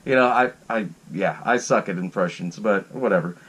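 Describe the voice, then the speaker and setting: A man's voice: fairly low pitch, moderate pace, fairly bright tone, husky, highs cut off. Rambling, profane man recapping a movie. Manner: rambling, profane, laughs between sentences. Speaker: podcast host. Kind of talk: casual solo movie recap.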